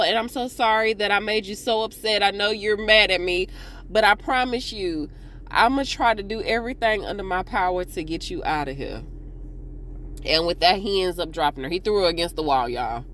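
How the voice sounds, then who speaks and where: A woman hosting a casual TV episode recap, chatting to viewers in a slangy, animated way. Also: medium pitch. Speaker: TV recap host.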